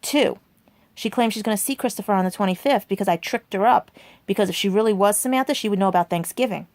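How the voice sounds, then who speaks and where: A woman's voice: mid-range voice, fast talker, a little mellow, dry recording. A woman in her forties telling a rambling personal story to her viewers, chatty and full of asides like "right?" and "and everything". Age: 40s. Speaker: vlogger.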